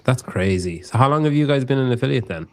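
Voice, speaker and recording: A man's voice: mid-range voice, animated, fast. A man hosting a casual podcast, joking and rambling, swearing freely. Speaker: podcast host.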